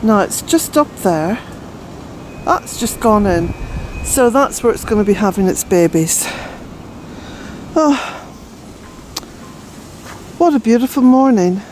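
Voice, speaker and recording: An older woman from Ireland talks to the camera as she works outside in her garden, rambling and breathless with a mellow, warm tone. Faint outdoor noise sits behind her voice. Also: medium pitch, animated, takes it slowly, long pauses, poor audio. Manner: rambling, chatty, with fillers. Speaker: vlogger, gardener. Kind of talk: casual walk-and-talk narration.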